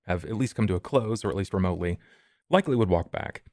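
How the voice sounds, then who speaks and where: A man playing a tabletop game, speaking in a measured, formal way in character. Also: low voice, expressive, darkish tone, dry recording, clean studio sound. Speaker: player. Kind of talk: tabletop role-play.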